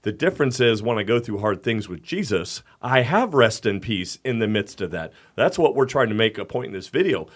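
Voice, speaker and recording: Lower-voiced man, emphatic podcast co-host. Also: animated, brisk, few pauses. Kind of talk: casual faith podcast chat.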